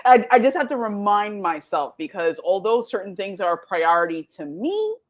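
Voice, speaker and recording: A woman's voice: mid-range voice, big pitch swings, moderate pace. A woman chatting casually as a podcast co-host, playful and emphatic. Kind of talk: casual chat.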